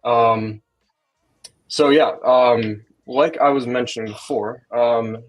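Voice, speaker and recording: A man's voice: medium pitch, fairly even intonation, takes it slowly, poor audio. A young man in his twenties presenting a tech product, hesitant, with lots of "um" fillers. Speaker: guest presenter. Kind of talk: casual technical presentation.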